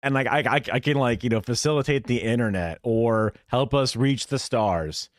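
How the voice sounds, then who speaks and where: A man's voice: mid-range voice, moderate pace, few pauses, no echo, clean studio sound. A man reacting to videos on a live stream, swearing constantly and mocking the people in the clips with put-on voices.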